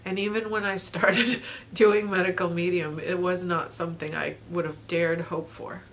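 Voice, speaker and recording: A woman's voice: lowish voice, little pitch movement, moderate pace, fairly bright tone, slight background noise. A woman recording a personal video diary, talking emotionally and tearfully with frequent laughter, rambling with lots of fillers. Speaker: vlogger.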